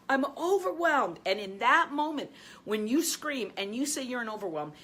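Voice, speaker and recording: A woman hosting a coaching video, teaching energetically and addressing viewers directly, laughing often, then softening to a calm low voice to guide breathing. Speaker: host, life and business coach.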